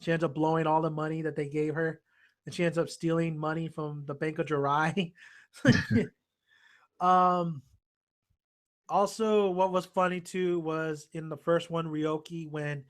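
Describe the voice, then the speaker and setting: Rambling, excitable podcast host man. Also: on the high side. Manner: rambling, excitable, swears and laughs. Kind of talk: casual chat.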